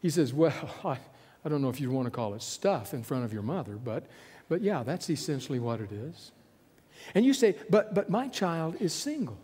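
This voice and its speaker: A man delivers a storytelling sermon in an unhurried, drawn-out cadence. His tone is dark and slightly husky, with wide swings in pitch. A long reverb from a large hall hangs on his voice. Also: sing-song. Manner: storytelling, voicing quiet hushed lines for Jesus and the listener. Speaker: preacher. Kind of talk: sermon with imagined dialogue.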